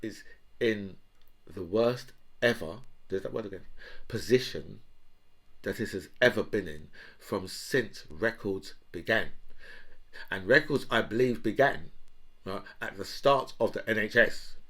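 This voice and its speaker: A man's voice: lowish voice, animated, unhurried, fairly bright tone. Sarcastic man ranting. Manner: sarcastic, mocking, laughing asides. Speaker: political commentary host. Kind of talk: casual political rant.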